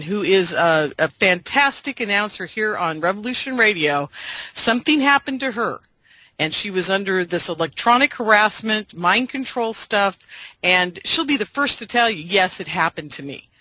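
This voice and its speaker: A woman's voice: medium pitch, animated, normal speed, pushed and bright, dry recording, rough recording. A middle-aged woman radio host, pleading emotionally with her listeners and addressing them directly. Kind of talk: impassioned monologue to listeners.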